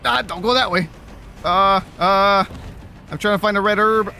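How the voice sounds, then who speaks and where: A man's voice: high-pitched, unhurried, gravelly, sharp tone, soft background music. A man streaming a horror game, swearing, exasperated and repeating himself in panic. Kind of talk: live gameplay commentary.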